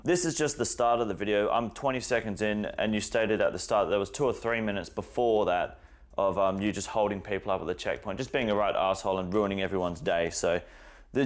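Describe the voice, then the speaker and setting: Low-voiced sweary man ranting. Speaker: commentator. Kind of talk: profane reaction commentary.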